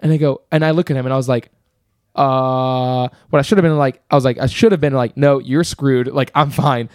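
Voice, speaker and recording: A young man rattles through a story on a casual podcast, piling up fillers and restarts. His pitch sits in an ordinary middle range, and the sound is dry and close. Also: fast, clean tone, dry recording. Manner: rambling, animated storyteller full of fillers. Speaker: podcast co-host.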